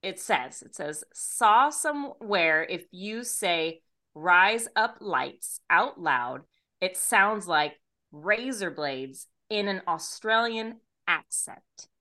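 American woman, podcast host, unhurried self-mocking chat, bright tone. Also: fairly low pitch, animated. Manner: slow, chatty, self-mocking, laughs often. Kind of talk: casual chat.

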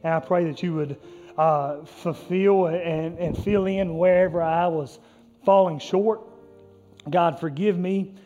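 Man, pastor, high voice, passionate sermon, soft music behind. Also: steady tone, slow, dull audio. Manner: impassioned preaching, rising and falling intensity.

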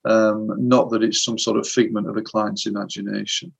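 A man's voice: on the low side, little pitch movement, moderate pace, vocal fry. A man who works as a hypnotherapist, earnestly recounting a session in an interview. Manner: earnest, vivid retelling. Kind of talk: storytelling in an interview.

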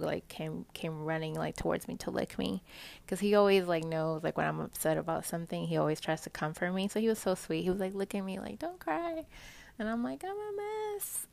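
A woman's voice: lowish voice, vocal fry. A woman in her thirties casually telling an emotional personal story, saying "like" constantly and laughing as she talks.

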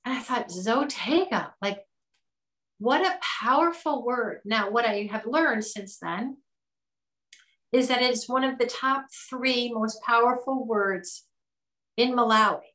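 A woman, a nonprofit founder, telling a story as an interview guest, animated and full of restarts. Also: a little high, unhurried. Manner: animated, acts out quotes, many restarts. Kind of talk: conversational storytelling. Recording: roomy echo.

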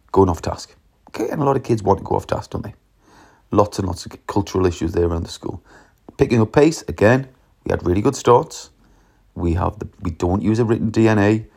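A man gives a solo podcast talk on teaching, emphatic and hands-on as he acts out his classroom instructions. His voice sits very low and has a gravelly, creaky texture. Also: a little mellow.

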